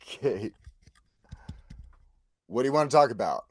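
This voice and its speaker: A man's voice: medium pitch, lively intonation, unhurried, darkish tone. A man co-hosting a radio talk show, asking a guest many curious, detailed questions. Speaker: co-host. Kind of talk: casual interview questions.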